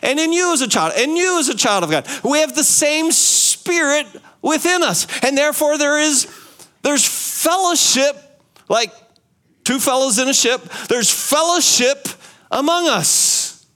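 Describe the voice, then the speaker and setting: A male pastor preaching a sermon in an animated way, asking rhetorical questions and repeating key phrases. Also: very high voice, unhurried.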